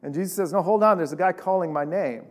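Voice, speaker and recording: Speaking fast and high-pitched, a male pastor delivers his sermon in a relaxed, lively manner, repeatedly asking the congregation questions.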